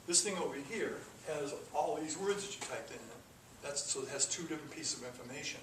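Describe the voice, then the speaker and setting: A man's voice: a little high, fairly quick. A man teaching a classroom coding lesson, talking through the code step by step with casual asides. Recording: echoey classroom from far off with noise.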